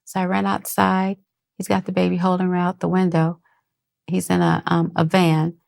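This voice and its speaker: A middle-aged woman telling her own life story as a podcast guest. She speaks haltingly, restarting sentences and acting out the voices of the people she quotes. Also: on the low side, completely flat delivery, gravelly, a little mellow. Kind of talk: personal testimony.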